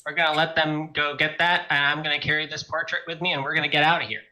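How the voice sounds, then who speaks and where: A man's voice: fairly high pitch, flat delivery, fast, sharp tone, poor audio. A man playing a tabletop game, talking casually and decisively, taking charge. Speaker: player. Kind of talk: in-character tabletop game talk.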